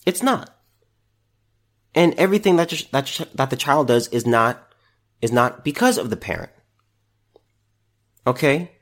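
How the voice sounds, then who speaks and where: A man's voice: mid-range voice, very animated, a little slow, long pauses, fairly bright tone. A man hosting a solo opinion podcast, ranting in exasperation and restarting his sentences. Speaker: podcast host.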